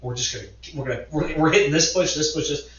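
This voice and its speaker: A man in his thirties, slightly high-pitched for a man, sits back from the mic in a very echoey room. He tells a long story in a loose, rambling way, throwing in the odd curse word, and the sound is dull and lo-fi. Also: quick pace, far from the mic. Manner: animated, rambling storyteller who swears. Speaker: podcast co-host. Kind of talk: casual chat.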